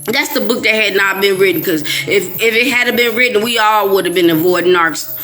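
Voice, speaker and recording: A woman's voice: medium pitch, fairly quick, soft background music. A middle-aged woman from Chicago's West Side, telling a story in casual chat with lots of laughter and quoted voices. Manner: animated, laughing, quoting others in voices. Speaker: host. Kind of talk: casual storytelling to a live audience.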